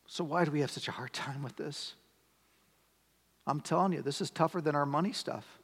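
A man's voice: a little high, normal speed, slightly rough. A man preaching a sermon as a pastor, conversational, asking the congregation rhetorical questions. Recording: long hall reverb.

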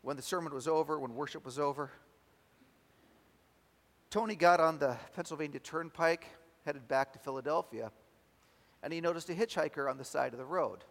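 A man preaching a sermon, telling a story with dramatic swings between loud and soft. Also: a little high, moderate pace, vocal fry, pauses often. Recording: long hall reverb.

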